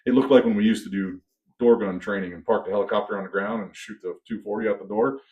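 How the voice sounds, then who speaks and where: His voice is lowish and his pace quick. This man co-hosts a podcast and relates a lengthy story in an easygoing, lively way, imitating each person he quotes.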